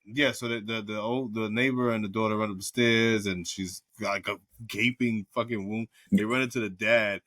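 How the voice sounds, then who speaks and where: A man co-hosting a casual movie review podcast, animated and profane, laughing often as he retells scenes. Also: fairly low pitch, normal speed, few pauses, no room sound, studio quality. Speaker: podcast co-host.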